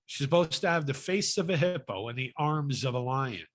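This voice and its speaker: A man's voice: mid-range voice, lively intonation, moderate pace. A man hosting a podcast in casual chat, swearing freely and ranting heatedly. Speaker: podcast host.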